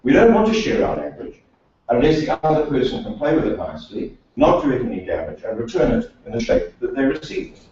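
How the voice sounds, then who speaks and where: A man's voice: medium pitch, dark tone. South African man giving a wry, echoey speech. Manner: dry wry humour, rhetorical questions. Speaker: speaker, speech and accent coach. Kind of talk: prepared speech to a meeting. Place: meeting room of a professional association. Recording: echoey hall, distant dull mic.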